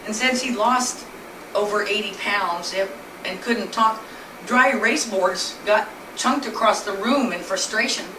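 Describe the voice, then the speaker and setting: A woman's voice: mid-range voice, measured pace. A woman telling her husband's illness story in an earnest, plainly spoken way, speaking from a distance in a noisy, echoey room. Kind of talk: personal storytelling presentation.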